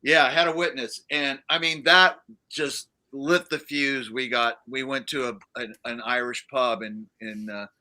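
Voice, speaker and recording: A man's voice: mid-range voice, steady tone, a little slow, hardly any pauses, sharp tone. A man, a guest musician, telling a rambling story in casual chat on a livestream, with many fillers and restarts. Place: livestream studio.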